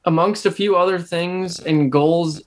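A man's voice: sits high, fairly even intonation, measured pace. A young man co-hosting a casual sports podcast. He argues his points emphatically and animatedly, restarting his sentences as he goes. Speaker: podcast co-host.

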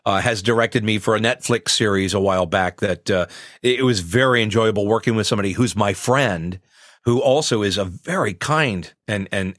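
A man in his sixties, a voice actor, chatting in an interview in a relaxed, self-mocking way and laughing often. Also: on the low side, no room sound, clean studio sound. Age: 60s.

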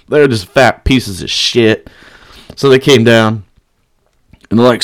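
A young man telling a rowdy story in casual, profane speech, breaking into loud chants and shouts. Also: medium pitch, animated, a little fast, dry recording, studio quality.

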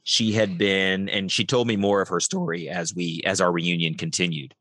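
Low-voiced middle-aged man telling a story. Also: normal speed, dry recording. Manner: animated storyteller acting out quoted dialogue. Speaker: podcast guest. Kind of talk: storytelling interview.

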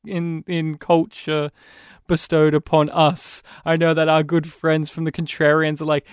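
An Australian man co-hosting a podcast, chatting casually about a film with quick asides. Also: on the high side, completely flat delivery, clean tone, no echo, clean studio sound. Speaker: podcast co-host.

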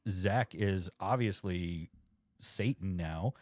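A man's voice: deep voice, slow pace, a little mellow, no room sound. A man co-hosting a podcast in casual comedic chat, jokey and prone to stammering restarts. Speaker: podcast co-host.

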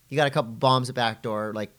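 A middle-aged man co-hosting a casual podcast, telling surf stories with animation and jumping into a high voice when he quotes people. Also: fairly even intonation, fast talker, a bit bright. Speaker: podcast co-host and surf commentator.

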